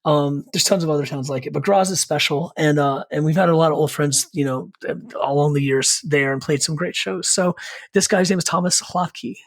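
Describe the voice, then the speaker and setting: A middle-aged punk band singer from Richmond, Virginia, US, guesting on a podcast, tells a long, rambling story full of fillers and asides in casual chat. His voice is on the high side, and he talks fairly quickly.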